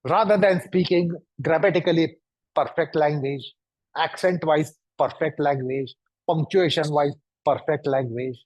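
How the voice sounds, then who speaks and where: A man giving a lecture, speaking deliberately and piling up synonyms for emphasis. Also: a little high, dry recording. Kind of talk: lecture to an audience. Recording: dull, dry recording.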